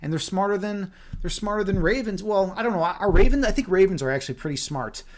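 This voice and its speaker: Rambling high-voiced male streamer. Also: quick pace. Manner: rambling, repeats words, answers chat. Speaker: livestreamer. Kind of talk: casual livestream chat and reading aloud.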